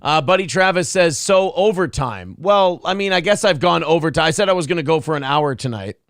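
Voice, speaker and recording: A man hosting a casual livestream, reading super chats in a profane, rowdy way with sudden loud outbursts, a little drunk. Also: on the high side, expressive, fairly quick, no room sound, clean studio sound. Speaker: livestream host.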